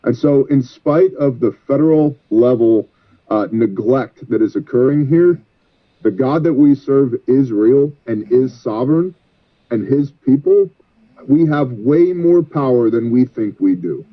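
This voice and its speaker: A man leading a relief ministry speaks earnestly with a preaching tone. His voice sits at a middle pitch. It comes through a thin, tinny phone line. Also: expressive, a little slow. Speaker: disaster relief ministry leader. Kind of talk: guest interview over the phone.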